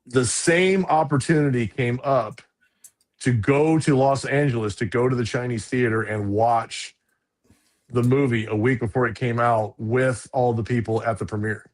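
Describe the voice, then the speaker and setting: A middle-aged man co-hosting a podcast, telling a story in animated casual chat. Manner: animated storyteller, quick pitch jumps. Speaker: podcast co-host.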